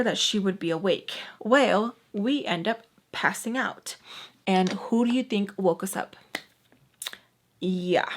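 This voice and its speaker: A young woman recounting a personal story in a casual storytime vlog. She talks in a loose, chatty way, peppered with "like". She slips into quoted dialogue and curses without holding back. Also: mid-range voice. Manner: chatty, full of "like", acts out quoted dialogue, swears freely. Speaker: vlogger telling a personal story.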